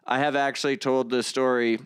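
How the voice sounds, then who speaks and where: A young man with a smooth, clean voice speaks as a guest in a relaxed interview. He talks earnestly, stumbling and restarting as he works through his thoughts, and leans on a lot of fillers along the way. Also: medium pitch, a little fast. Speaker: guest, comedian and activist vlogger. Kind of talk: conversational interview.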